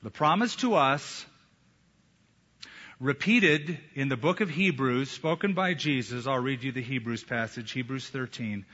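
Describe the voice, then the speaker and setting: A man preaching a sermon as a pastor, emphatic, with slow deliberate pauses. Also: mid-range voice, expressive, bright, forceful tone. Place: church sanctuary. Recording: echoey hall, dull lo-fi sound.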